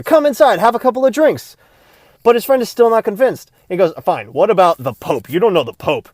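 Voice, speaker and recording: A man telling a long joke in a casual, animated way, changing his voice for each character. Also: high voice, no echo, studio quality. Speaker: joke teller.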